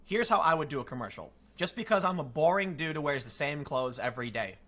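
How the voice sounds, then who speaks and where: Young man, streamer, casual rant, sarcastic, bright tone, lively pitch. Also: quick pace. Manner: animated and sarcastic, with frequent mocking quotes. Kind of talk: casual ranting commentary.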